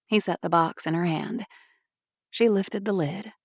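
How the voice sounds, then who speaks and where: A woman narrating an audiobook in a measured, even way. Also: medium pitch, dry recording. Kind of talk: scripted narration.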